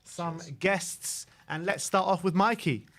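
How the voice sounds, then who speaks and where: A man's voice: high voice, steady tone, takes it slowly, a crowd in the background. A man hosting a fan football show, chatting casually and reading out viewer messages. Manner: chatty, reads out viewer messages, says "big up".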